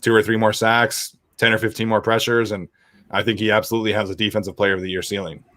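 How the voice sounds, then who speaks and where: A man's voice: on the low side, little pitch movement, fast talker, a bit bright. A young man hosting a casual sports podcast, reading out viewer questions and rambling with lots of fillers. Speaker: podcast host.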